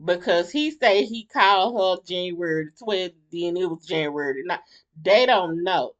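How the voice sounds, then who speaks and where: A woman vlogger giving a casual, blunt commentary on a reality show, rambling and animated with slang and many restarts. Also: fairly low pitch, normal speed, muffled recording. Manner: blunt, fired-up opinions.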